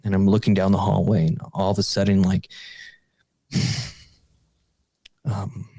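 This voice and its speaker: A young man with a low, gravelly voice recalls a frightening childhood encounter as a podcast guest. His telling halts and restarts, full of fillers and small nervous laughs. The sound is dark and dry, close to the mic. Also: monotone, a little slow, no room sound. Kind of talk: recounting a personal paranormal story.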